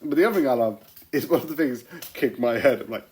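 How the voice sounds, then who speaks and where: A man's voice: mid-range voice, quick pace, a little mellow, slight background noise, low-quality recording. A man chatting loosely about a show, voice in an ordinary middle register. He laughs often, trails off and restarts sentences, the easy feel of a home vlog. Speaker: vlogger reviewing TV episodes. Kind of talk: casual rambling commentary.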